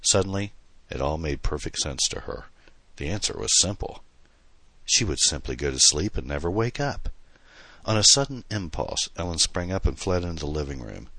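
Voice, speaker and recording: A man's voice: very deep voice, animated, a little fast, bright, forceful tone, no echo. A man reading a novel aloud in dramatic, tense scripted narration. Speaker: audiobook narrator.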